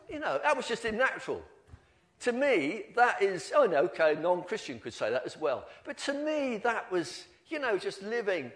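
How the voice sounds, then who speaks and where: An older man giving an informal, animated church talk, telling stories about himself with many restarts. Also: high-pitched, normal speed. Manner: animated storytelling, self-deprecating, many restarts. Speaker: lay preacher.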